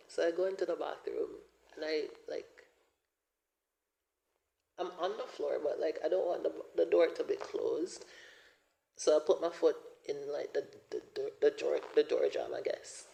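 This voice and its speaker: A man in his twenties hosting a podcast, telling a personal story in a rambling way, full of fillers and often dropping to a breathy whisper. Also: a little high, normal speed, pauses often, dark tone, poor audio. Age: 20s. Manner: rambling, frequent "like" and "you know" fillers. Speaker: podcast host.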